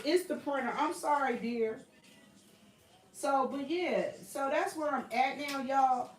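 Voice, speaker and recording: A woman's voice: sits high, reverberant, recorded from a distance, rough recording. A woman with a Southern US accent hosting a casual livestream chat from her workshop, earnest and repetitive, calling her viewers y'all. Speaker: YouTube livestream host. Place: home workshop with a printer running.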